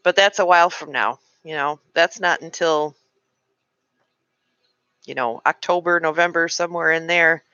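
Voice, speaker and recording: A woman's voice: low-pitched, moderate pace, pauses often, pushed and bright, no room sound, lo-fi sound. A woman in her late forties chatting frankly to her live-stream viewers, venting and answering comments. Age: 40s. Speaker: livestream host. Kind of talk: casual live-stream chat.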